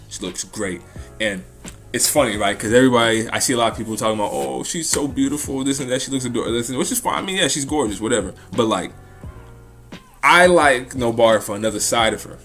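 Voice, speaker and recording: A man's voice: on the low side, a bit bright. A man hosting a casual talk about an anime, rambling in a slangy way with lots of restarts and swearing. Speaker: anime commentary host.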